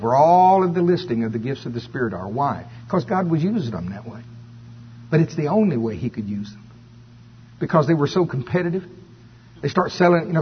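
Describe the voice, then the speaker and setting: A man preaching a sermon to a congregation in a room, animated and preacherly, acting out quoted prayers in a raised voice. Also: fairly high pitch, breathy edge. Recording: dull lo-fi recording with faint hum.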